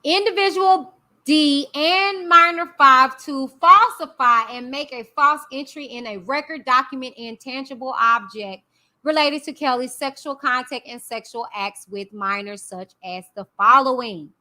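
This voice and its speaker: A young woman vlogger with a high, piercingly bright voice. She talks to her viewers in a chatty, slangy way, taking her time as she reads a legal document aloud and drifts into unhurried commentary. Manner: chatty, addresses viewers directly, slangy asides. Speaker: YouTube commentary host. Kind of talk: casual commentary reading a court document aloud.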